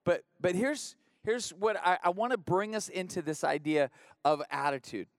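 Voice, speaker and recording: A pastor preaching a conversational sermon in church, repeating phrases and building rhythmic refrains. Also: male voice, high-pitched, normal speed, no echo, clean studio sound.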